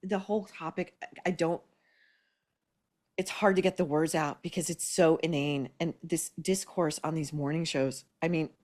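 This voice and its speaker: Woman commentary host, slightly low, blunt, scathing, sarcastic. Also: steady tone, moderate pace, darkish tone. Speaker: podcast host. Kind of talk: opinion commentary.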